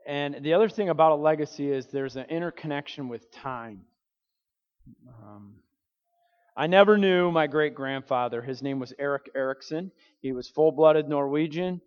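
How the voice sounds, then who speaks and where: A man preaching in a conversational way, telling a family story and acting out the people in it. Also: on the high side. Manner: conversational, acts out quoted voices. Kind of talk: storytelling sermon. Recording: dull sound with long hall reverb.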